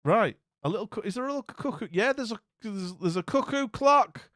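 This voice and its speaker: A man's voice: high-pitched, expressive, a little fast, hardly any pauses, fairly bright tone, dry recording, studio quality. A man hosting a casual live chat, wry and rambling, often trailing off into mutters. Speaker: livestream host. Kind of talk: casual live chat reacting to house listings.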